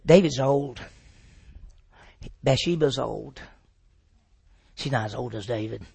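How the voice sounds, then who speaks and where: A man's voice: mid-range voice, slow pace, creaky, darkish tone, breathy edge. A man teaching a Bible class, retelling the story with animation and quizzing his listeners.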